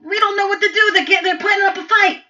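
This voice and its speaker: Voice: very high-pitched, fairly even intonation, quick pace, bright, forceful tone, distant mic, pitched above the performer's own voice, exaggerated voice. A game master voicing a nervous goblin underling who pleads with his boss, on a dull lo-fi recording. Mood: pleading.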